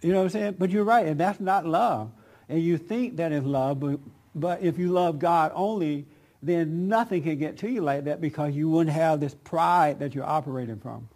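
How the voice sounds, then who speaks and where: A man's voice: fairly high pitch, moderate pace, darkish tone. Emphatic preacher man leading a discussion. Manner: emphatic, laughs often, calls on people. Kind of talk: conversational sermon with audience questions.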